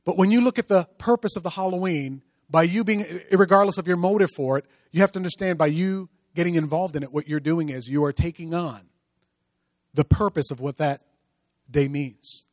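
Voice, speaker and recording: Guy pastor preaching, kinda high voice, goes quiet then builds up big, dry close sound. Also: fairly quick, dry recording. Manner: swings from hushed storytelling to rising preaching. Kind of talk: sermon.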